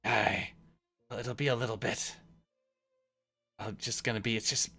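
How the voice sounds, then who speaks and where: Man putting on a lone pirate deckhand, higher voice, hesitant, halting, tabletop game. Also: fairly even intonation, sharp tone, faint music behind, exaggerated voice. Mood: flustered.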